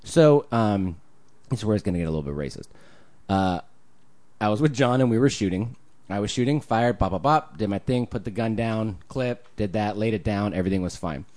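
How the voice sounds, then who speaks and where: Animated swearing man telling stories. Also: fairly low pitch, brisk. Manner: animated storyteller, swears freely, jumps into loud put-on voices. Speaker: podcast co-host. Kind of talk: casual chat.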